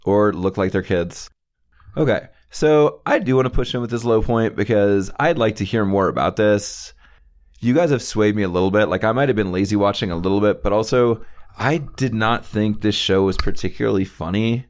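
A man co-hosts a casual podcast, chatting about a TV show in a laid-back, slangy way and leaning heavily on fillers like "dude" and "like." His voice sits on the low side and moves at a moderate pace.

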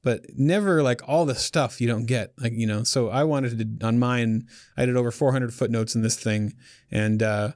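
A man's voice: medium pitch, normal speed, a little mellow, dry recording. Man as author guest in a casual interview; loose, joking delivery with restarts, recorded dry. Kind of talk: casual chat.

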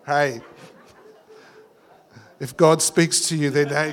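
A man's voice: a little high, steady tone, takes it slowly. A man preaching in church as a pastor, telling a story with lots of stammers and restarts. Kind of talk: sermon.

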